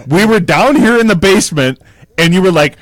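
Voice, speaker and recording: A man's voice: sits high, lively intonation, fairly quick, no echo. A young man co-hosting a casual podcast, chatting and bragging about beating his friends at video games, swearing and laughing as he goes. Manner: boastful, laughing, profane trash talk. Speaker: podcast co-host. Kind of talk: casual chat.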